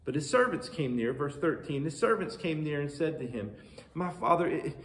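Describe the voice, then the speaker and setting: Male pastor, higher-pitched voice, lively conversational preaching, roomy echo. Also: normal speed. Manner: conversational and animated, asks the congregation questions. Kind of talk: sermon.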